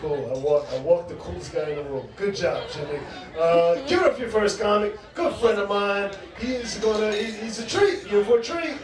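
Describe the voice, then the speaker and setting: A man's voice: high-pitched, lively intonation, fairly quick, few pauses, far from the mic. A middle-aged man hosting a stand-up show, doing brash, profane crowd work and teasing the audience. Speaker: comedy show host. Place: large comedy club, live audience. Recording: echoey club room, crowd noise.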